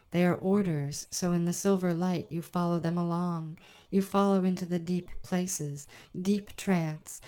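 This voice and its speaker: A woman guiding a hypnosis session in a soft, measured, hypnotic voice, counting slowly. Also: on the low side. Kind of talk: slow guided hypnosis narration.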